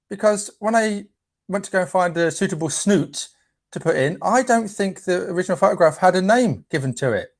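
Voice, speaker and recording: A man's voice: on the high side, sing-song, a little fast, husky, no echo. A man hosts a casual live stream, chatting playfully and tripping over names as he reads them out.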